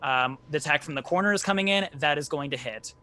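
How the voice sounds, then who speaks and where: A man running a live tabletop game. His voice sits a little high and rings sharp and bright. He narrates the action animatedly, with plenty of swearing and restarts. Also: fast. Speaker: game master.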